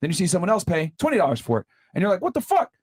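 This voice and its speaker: A man's voice: high voice, sing-song, very fast. A man hosting a podcast, bluntly lecturing and talking over his guests in a debate. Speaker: podcast host. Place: podcast studio.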